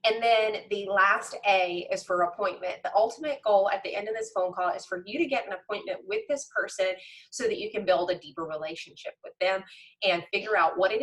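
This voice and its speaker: A woman's voice: medium pitch, fairly bright tone, poor audio. A woman real estate coach teaching trainees in a conversational, emphatic way, often checking in with "okay?" and "right?". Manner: emphatic, direct instruction to trainees. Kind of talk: coaching lesson.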